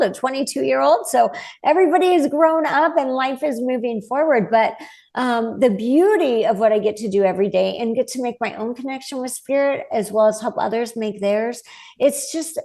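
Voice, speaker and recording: A woman's voice: sits high, vocal fry, a little mellow. A woman in her forties, a guest medium, telling her story earnestly in a casual interview and acting out the voices she quotes.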